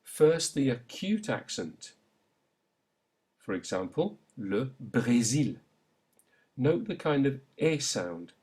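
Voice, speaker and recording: A man's voice: mid-range voice, very animated, takes it slowly, a little mellow, husky. A man narrating a beginner's language lesson, carefully enunciating and prompting the listener to repeat after him. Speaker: language teacher.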